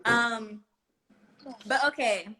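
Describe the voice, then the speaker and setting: A woman hosting a live stream chat, playful and quick to laugh. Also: a little high, very noisy. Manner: laughs often, playful and chatty. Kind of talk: casual chat.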